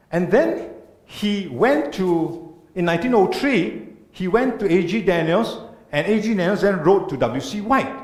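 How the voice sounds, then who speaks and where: A man delivers an earnest church talk with a lively, swinging pitch and frequent rhetorical questions. His voice sits a little high for a man. The sound carries the echo of a roomy church hall. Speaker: speaker. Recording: echoey church room.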